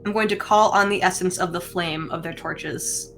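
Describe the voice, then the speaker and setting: A woman's voice: lowish voice, steady tone, moderate pace, over music. A woman playing a tabletop game, tentative and thinking aloud as she picks her move. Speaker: player.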